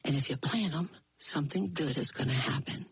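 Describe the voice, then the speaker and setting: A woman voicing a shaky old man who sells bread, speaking slowly and gravely in a storytelling performance. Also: low-pitched, slight background noise, voice pushed down. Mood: solemn. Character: frail shaky old male bread seller.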